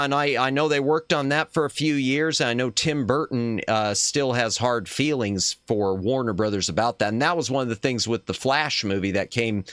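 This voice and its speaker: A man's voice: medium pitch, fairly bright tone, dry recording. Opinionated man rambling in a dry room. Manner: rambling, opinionated, trails off and restarts. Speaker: streamer host. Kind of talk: casual chat stream.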